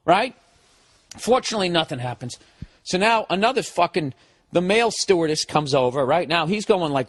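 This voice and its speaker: A man's voice: high voice, brisk. A man, telling a profane comic story as a podcast host and acting out other people's lines. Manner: animated, swearing, acts out other people's lines, laughs. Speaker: comedian on his podcast. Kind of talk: profane comedic storytelling rant.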